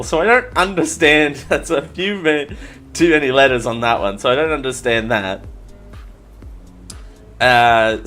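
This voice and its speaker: An Australian man hosts a podcast, chatting casually in a live-show style. His voice sits at medium pitch with a fairly bright tone. He rambles, pokes fun at himself, and restarts his sentences a lot.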